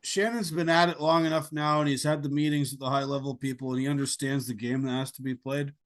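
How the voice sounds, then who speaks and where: A man's voice: medium pitch, fairly even intonation, fast. A man from Canada hosting a podcast interview, blunt and opinionated as he talks. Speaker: podcast host. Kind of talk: conversational interview.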